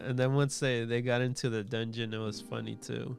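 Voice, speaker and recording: A relaxed man on a podcast, trading anime reactions with his co-host. His voice is strongly gravelly with vocal fry, and he often stumbles over repeated words. Faint music sits in the background. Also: medium pitch, fairly quick. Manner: relaxed, stammers on restarts, chuckles at scenes. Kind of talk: casual chat recapping anime episodes.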